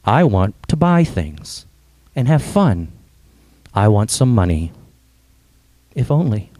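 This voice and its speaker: Man reading wistful wanting boy, storybook, mellow, dry close sound. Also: fairly low pitch, sing-song, slow pace, no echo. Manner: wistful, complaining. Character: restless, wanting boy growing into a weary old man.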